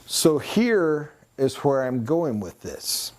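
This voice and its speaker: A man teaching a sales training class in a conversational way, sometimes putting on voices and accents to make a point, and pausing to write on a board. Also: mid-range voice, big pitch swings. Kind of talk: recorded training lecture.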